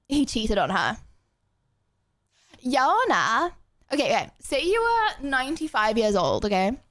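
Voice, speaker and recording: A woman streamer chatting casually to her live audience, playfully bossy and full of quick asides. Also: sits high, dry recording.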